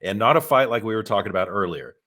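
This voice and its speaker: A man with a very deep voice holds forth on a casual podcast. He talks bluntly and rambles, restarting sentences and laughing as he goes. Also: animated, fast, bright, forceful tone. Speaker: podcast co-host.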